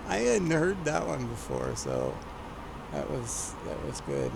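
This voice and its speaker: A man's voice: a little high, sing-song, slow, vocal fry. A man streaming a flight simulator, chatting casually and teasingly with a voice assistant.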